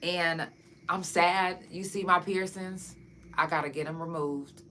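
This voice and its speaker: A woman's voice: fairly low pitch, fairly even intonation, measured pace, bright, forceful tone, a little hiss or hum. A woman podcast host and singer, chatting frankly and casually with her audience, swearing freely. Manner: talks straight to her audience. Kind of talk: casual chat to camera.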